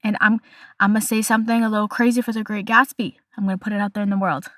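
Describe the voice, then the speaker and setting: A woman's voice: mid-range voice, level tone, fast talker, fairly bright tone, dry recording. Young woman podcast host: casual, chatty, playful and opinionated, dry close sound.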